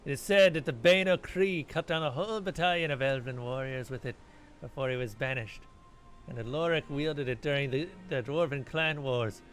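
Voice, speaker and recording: A man's voice: medium pitch, moderate pace, fairly bright tone, slight background noise, lightly acted. A man voicing a grim, boastful old male pirate ghost, reading game dialogue aloud in salty pirate talk.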